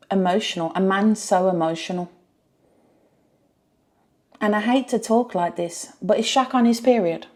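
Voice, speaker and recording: A woman's voice: on the low side, darkish tone. A woman reviewing a reality show, exasperated and firing rhetorical questions. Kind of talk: reaction review rant.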